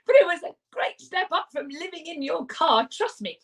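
A woman's voice: very high voice, expressive, normal speed, creaky, hardly any pauses, distant mic, poor audio. A woman telling a personal story as a motivational speaker, talking earnestly and repeating phrases for emphasis.

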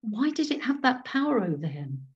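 A woman's voice: on the high side, very animated, moderate pace, pitched above the performer's own voice. A woman voicing an earnest, shaken Englishman who speaks urgently, heard over a dull video call. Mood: appalled. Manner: urgent, appalled.

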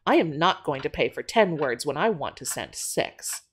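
A woman's voice: low-pitched, very animated, normal speed, slight background noise. A brash, ignorant customer woman from an old-fashioned audio drama, as a woman puts her on. She talks in curt, huffy bursts full of disbelief. Her voice rises and drops sharply from line to line.

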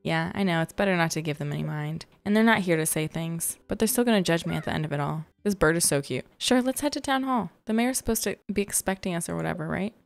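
A woman's voice: on the low side, fast, vocal fry, few pauses, soft background music. A woman voicing a sassy, rebellious teenage witch girl as she reads game dialogue aloud, sarcastic and dismissive.

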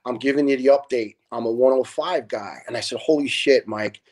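A middle-aged man tells stories as a podcast guest. His voice sits at an ordinary middle pitch, and he swears freely as he acts out the back-and-forth of old arguments. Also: brisk. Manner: animated, profane storyteller who acts out dialogue. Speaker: podcast guest, retired fire lieutenant. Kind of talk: casual storytelling.

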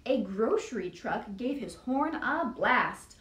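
A woman's voice: a little high, animated, slow pace, a bit bright. A woman librarian reading a picture book aloud to young children in a sing-song storytime style, putting on voices. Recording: echoey room, distant mic.

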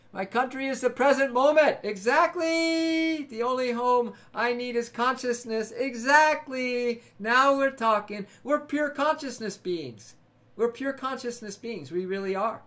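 A man hosting a late-night livestream, chatting loosely and warmly with viewers and calling them brother and man. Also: high-pitched. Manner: upbeat, rambling, calls people brother and man. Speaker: livestream host. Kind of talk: casual chat with live viewers.

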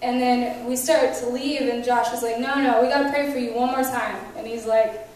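A woman with a high voice tells testimonies at a conference in animated style. She acts out quoted dialogue and laughs between lines. She is heard from a distance in a very echoey hall. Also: normal speed, slight background noise. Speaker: conference speaker sharing testimonies. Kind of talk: testimony storytelling.

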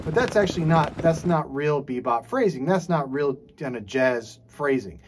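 Relaxed man teaching drums, scatting rhythms. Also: a little high, normal speed, slightly rough. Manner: relaxed, scat-sings rhythms, frequent "okay"s. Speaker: jazz drum teacher. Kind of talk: casual instructional talk. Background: drum playing.

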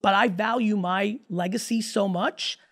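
A man in his forties, a podcast guest, talking in a casual, emphatic and profane way with rapid-fire stories. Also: high voice, fairly even intonation, fairly bright tone. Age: 40s.

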